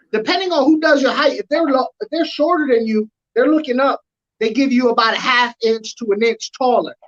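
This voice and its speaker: High-voiced woman spinning a story. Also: muffled recording. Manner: animated, drawn-out storytelling with slang. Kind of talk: casual podcast chat, storytelling.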